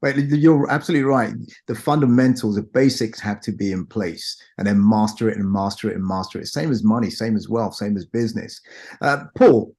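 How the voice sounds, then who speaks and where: A man's voice: on the low side, fairly quick, darkish tone. A man hosting a business interview show, encouraging his guest, summing up his points and asking the next question. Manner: encouraging, laughs along, sums up points. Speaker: podcast host.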